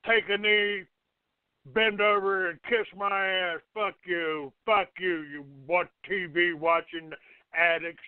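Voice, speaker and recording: A man's voice: high-pitched, fairly even intonation, slow, clean tone, dry recording. A man hosting a call-in show, hostile and profane, cursing and insulting callers. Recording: tinny phone-like audio.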